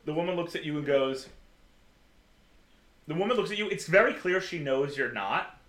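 A man leads a tabletop role-play as game master. His voice is bright and forceful, and he narrates loosely with many filler words. The sound is roomy and echoey. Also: a little high, expressive, moderate pace.

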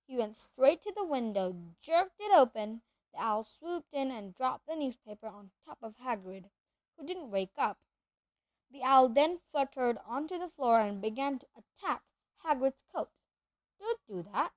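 High-voiced woman reading a storybook. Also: no echo. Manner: expressive storytelling, lively voices. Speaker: audiobook reader. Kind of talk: reading a children's novel aloud.

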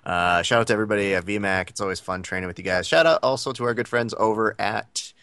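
A man co-hosting a podcast, telling stories in a rambling, filler-heavy way. His voice sits on the low side and sounds dry and close, with no room around it. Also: fast talker, fairly bright tone, smooth, no echo. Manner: rambling, many fillers, laughs often. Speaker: podcast co-host. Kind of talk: casual chat.

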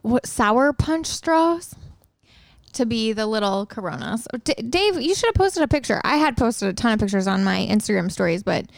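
A woman chats as a podcast co-host, describing things in detail with frequent fillers. Her voice has a gravelly fry to it. The recording is dry and close. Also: a little high, big pitch swings, normal speed, no echo. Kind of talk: casual chat. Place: home.

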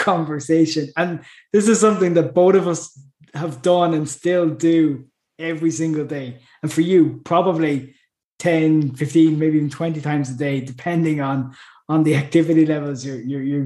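A fairly high-voiced man co-hosting a podcast, chatty and quick to laugh, often starting his sentences over. His voice carries a roomy echo. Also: a little mellow. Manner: chatty, laughs easily, lots of restarts. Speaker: podcast co-host. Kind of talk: casual podcast chat.

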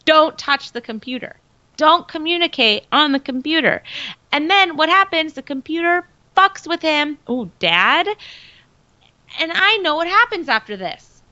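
Animated woman recapping a TV show. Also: high voice, measured pace, no echo. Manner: animated, mimics characters, laughs often. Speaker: podcast co-host. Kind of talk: casual TV recap chat. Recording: dull, lo-fi dry recording.

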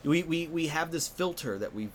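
A man's voice: fairly high pitch, moderate pace, a little hiss or hum. A man talking as a guest in a casual podcast conversation, telling stories and acting out the quotes. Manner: animated storyteller who acts out quotes.

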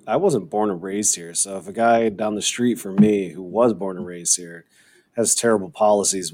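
A man's voice: lowish voice, mellow. A man talking casually about politics on a podcast, earnest and rambling, often restarting mid-thought.

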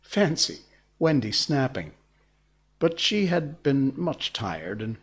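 A man reading a classic children's story aloud in a gentle, breathy voice. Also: on the low side. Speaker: narrator.

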